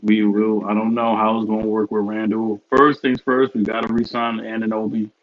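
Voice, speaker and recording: A man's voice: lowish voice, little pitch movement, normal speed. A man co-hosting a sports podcast, earnestly defending his team in casual banter. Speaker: podcast co-host. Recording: dull muffled audio.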